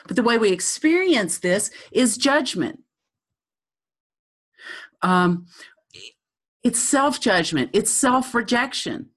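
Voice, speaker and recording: A woman giving a thoughtful teaching talk, halting often with ums. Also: on the high side, expressive.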